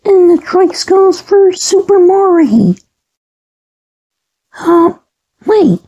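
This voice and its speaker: A very high, squeaky cartoon character, voiced by a woman, chirpy and naive, rambling eagerly through its ideas. The delivery is slow and drawn out, and the tone sits soft and mellow rather than bright. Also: lively intonation, lo-fi sound, exaggerated voice. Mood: cheerful. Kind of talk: fan cartoon voice acting.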